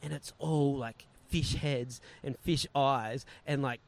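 Animated man telling a travel story. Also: medium pitch, slow, gravelly. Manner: animated, acts out quoted voices. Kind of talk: casual storytelling chat.

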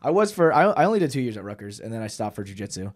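A man's voice: fairly low pitch, sing-song, very fast. A young man from New Jersey, a podcast guest who owns a gym, talking casually and easily. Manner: easygoing, repeats "yeah, yeah". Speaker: guest, jiu-jitsu gym owner. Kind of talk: casual chat.

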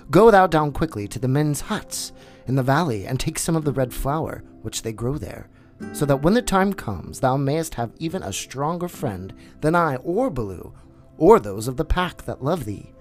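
A man voicing a wise, protective male black panther with a slow, deliberate, tender delivery in a storybook reading. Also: fairly high pitch, big pitch swings, soft background music, pitched above the performer's own voice. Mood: urging.

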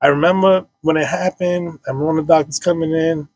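Man, 30s, podcast guest, emotional storytelling, husky tone, dry close sound. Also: a little high, fairly even intonation, fast talker, a little mellow, no echo. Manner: casual, heavy slang, many restarts and fillers.

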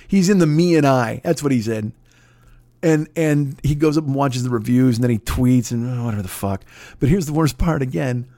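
A man rants on his comedy podcast in a slightly high voice. He is profane and sarcastic, and he keeps tumbling from one riff into the next. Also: a little mellow. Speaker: podcast host.

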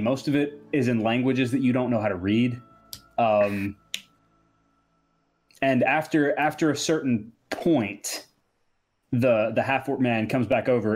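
A man's voice: medium pitch, darkish tone. A man narrating as game master of a tabletop game, in a casual, rambling way.

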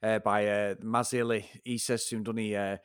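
A man's voice: lowish voice, little pitch movement, moderate pace, smooth, dry recording, clean studio sound. A man co-hosting a casual film review podcast, ranting and swearing as he picks the film apart. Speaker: podcast co-host.

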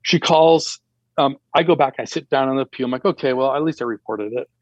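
A man telling a personal story in a casual, animated way, acting out the dialogue with raised voices. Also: mid-range voice, brisk, dry recording, highs cut off. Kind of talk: casual anecdote.

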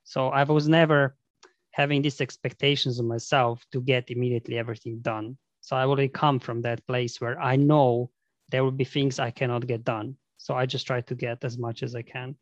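A man guesting on a podcast, explaining in a relaxed casual way with lots of "you know" and "right?". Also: medium pitch, fairly quick, dry recording, lo-fi sound. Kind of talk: casual chat.

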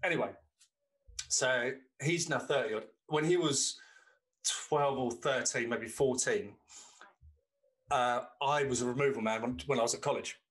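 A man co-hosting a podcast tells long, rambling anecdotes and swears freely in casual chat. His mid-range voice has a fairly bright tone, moving a little slowly with long pauses.

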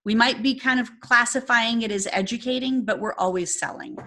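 A woman's voice: on the high side, a little fast, bright, forceful tone. A woman coaching salon owners in a presentation, speaking in a direct, emphatic way and often checking in with "okay?".

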